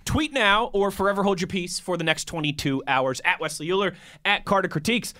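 A man hosting a sports talk show, upbeat and smooth, reading segment cues and listener questions. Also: sits high, fairly quick, sharp tone.

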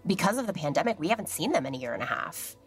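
Low-voiced woman telling family stories. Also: rapid-fire, faint music behind. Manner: animated, acts out quoted voices, laughs often. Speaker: guest. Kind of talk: casual storytelling.

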